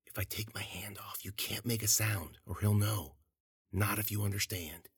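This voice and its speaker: A man's voice: on the low side, steady tone, normal speed, vocal fry, husky, pitched above the performer's own voice, heavily acted. A man voicing a scruffy male stranger who whispers urgently, in whispered role-play. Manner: hissed whisper.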